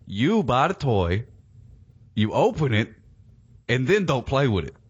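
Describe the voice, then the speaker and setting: An American man interviewing a guest in a casual chat, animated and rambling, often repeating his words. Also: medium pitch, unhurried, breathy edge. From United States. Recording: dull lo-fi recording.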